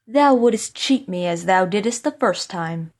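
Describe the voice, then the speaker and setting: A clever young scholar, calm and sure of himself, talking a little lower than the narration around him, voiced by a woman reading a storybook. He stays level even when his father scolds him. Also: measured pace, close to an everyday voice.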